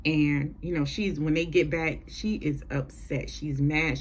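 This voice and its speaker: A woman's voice: low voice, steady tone, unhurried, hardly any pauses, a little hiss or hum. A woman giving a casual, chatty TV episode recap, with profane, sassy asides. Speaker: TV recap vlogger.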